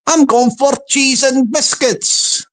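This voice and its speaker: A man voicing a sly middle-aged male dating troll with a Scottish accent, slow and matter-of-fact. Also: extremely high pitch, fairly even intonation, fairly bright tone, pitched above the performer's own voice, heavily acted. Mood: plain.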